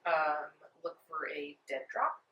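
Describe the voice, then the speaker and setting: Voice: medium pitch, takes it slowly, reverberant, highs cut off, a little hiss or hum. A player in a tabletop game, hesitant and careful.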